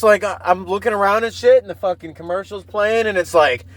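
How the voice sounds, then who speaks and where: A man's voice: high voice, fairly quick, rough recording. A man in his mid-thirties hosting a casual solo podcast, rambling and swearing freely, often laughing at himself. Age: 30s. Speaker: podcast host.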